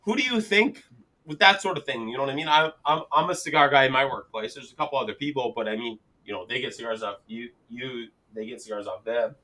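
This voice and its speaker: A man hosting a casual chat and telling stories, full of profanity and animated asides. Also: mid-range voice, quick pace. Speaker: podcast host.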